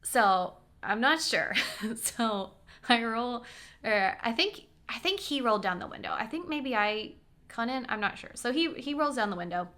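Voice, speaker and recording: A young woman chats straight to camera with a bright, clear voice. She tells personal stories in an animated way. She keeps breaking off for asides and acts out what people said. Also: a little high, measured pace. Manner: chatty, animated storytelling with quoted voices and asides. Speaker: vlogger. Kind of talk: casual storytelling.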